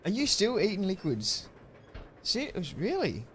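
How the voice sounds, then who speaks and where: Excitable man streaming a game. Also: sits high, moderate pace, a little hiss or hum. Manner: chatty, excitable, yells thanks to viewers. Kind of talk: live-stream gameplay commentary.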